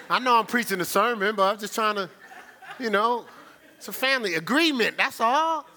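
Animated preacher with a bright voice. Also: male voice, sits high, normal speed. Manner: animated, acts out scenes in voices, colloquial. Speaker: pastor. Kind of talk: sermon.

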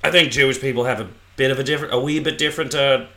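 Bright-voiced Irish man, joking. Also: medium pitch, fairly even intonation, roomy sound. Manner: joking, rambling, quick to laugh. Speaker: podcast co-host. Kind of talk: casual chat.

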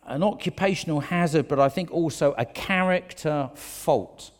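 Preacher with hesitant, filler-filled delivery. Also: male voice, medium pitch, a little mellow. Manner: hesitant, many fillers and restarts. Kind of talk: conversational sermon. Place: church auditorium. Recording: long reverb of a church hall.

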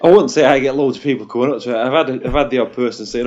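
A man's voice: medium pitch, a little fast. A man co-hosting a podcast in casual chat, easygoing and prone to stumbling over his words. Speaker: podcast co-host. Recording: dull lo-fi audio.

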